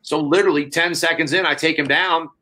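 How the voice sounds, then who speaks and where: Bright-voiced man telling rambling stories. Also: fairly high pitch, steady tone, brisk. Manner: rambling, many fillers, acts out dialogue. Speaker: podcast guest. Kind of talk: casual storytelling.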